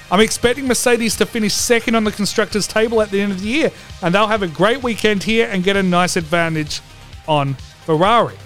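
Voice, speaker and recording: A man with a high-pitched voice hosts a comedic racing preview vlog. He is brash and theatrical and swears freely. Faint music plays behind him. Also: a bit bright. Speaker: host.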